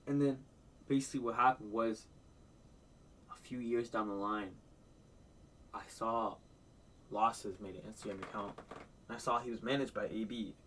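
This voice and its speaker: A man's voice: fairly low pitch, steady tone, moderate pace, long pauses, fairly bright tone, distant mic, slight background noise, rough recording. A man reacting to a music video, telling absurd made-up stories in a mock-sincere tone. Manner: tells outlandish tall tales in a mock-sincere tone.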